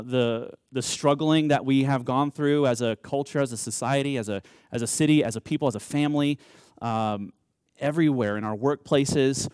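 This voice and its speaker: A man's voice: mid-range voice, dry recording. A man in his thirties preaching a sermon as pastor, earnest and conversational, often restarting and repeating words.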